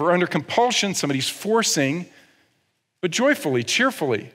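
A man's voice: high-pitched, lively intonation, normal speed, fairly bright tone. A male pastor giving a sermon in a conversational, humorous way, often checking in with the audience. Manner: humorous asides. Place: church. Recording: long reverb in a church hall.

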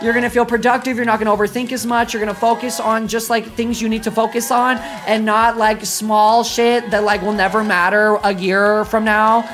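A woman streamer with a fairly high voice signs off her stream in a warm, rambling, gushing way, heavy on slang and fillers. Her voice is starting to wear a little hoarse. Soft music plays faintly behind her. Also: flat delivery, normal speed, hardly any pauses. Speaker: livestreamer. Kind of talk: casual end-of-stream chat.

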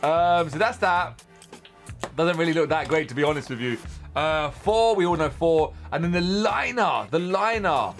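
A young man, chatting casually and exclaiming loudly as he unboxes and tests spinning-top toys. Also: on the high side, moderate pace, faint music behind. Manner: excitable, chatty, exclaims loudly at toy battles. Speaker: toy reviewer. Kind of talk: casual unboxing and testing commentary.

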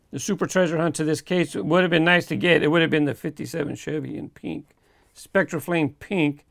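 A gravelly, fairly high-pitched man hosts his own toy car unboxing video as a collector. His casual commentary is easygoing and chatty, broken up now and then by chuckles.

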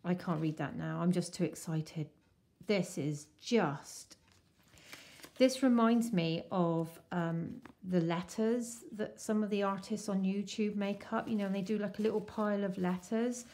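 A woman chatting casually and excitedly as she unwraps a craft swap parcel. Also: mid-range voice. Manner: gushing, excitable, slow-paced. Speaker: crafting vlogger. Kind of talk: casual unboxing chat.

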